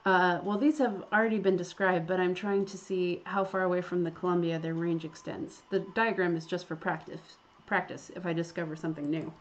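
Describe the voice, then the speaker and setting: A woman's voice: lowish voice, fairly even intonation, fairly quick, hardly any pauses, highs cut off, lightly acted. A woman voicing a polite, fussy young British male botanist with a British accent, formal, earnest and stammering, in a game.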